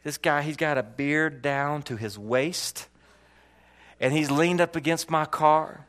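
A male pastor from Florida preaching a sermon and telling a personal story in an animated way, often repeating words and swinging from loud to hushed. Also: fairly high pitch, slow pace, smooth.

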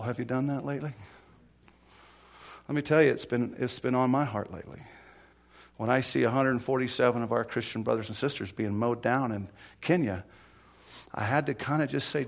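A middle-aged male pastor preaching a sermon in a folksy, personal way, swinging from hushed whispers to loud, emphatic exclamations. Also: mid-range voice. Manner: folksy, personal storytelling with laughter.

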